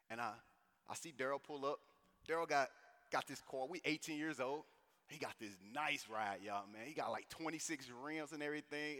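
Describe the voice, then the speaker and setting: A man in his thirties from St. Louis giving a personal testimony at a conference, telling the story in a casual, animated way with lots of slang asides. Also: on the high side. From St. Louis, USA. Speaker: conference speaker. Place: conference hall. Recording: echoey hall reverb.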